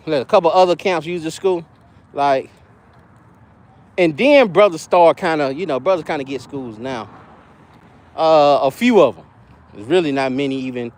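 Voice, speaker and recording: A man's voice: a little high, a little slow, pauses often. A man giving casual live-stream commentary, emphatic and repetitive, often laughing. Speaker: online commentator on religious leaders.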